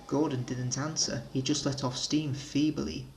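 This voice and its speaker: A man's voice: medium pitch, flat delivery, measured pace, vocal fry, hardly any pauses, poor audio. Man reading a children's story. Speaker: narrator.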